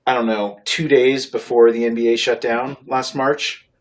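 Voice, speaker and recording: A man co-hosting a casual podcast chat at a middling pitch. He rambles and pokes fun at himself in a relaxed, easygoing way. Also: normal speed. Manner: rambling, self-deprecating. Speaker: podcast co-host.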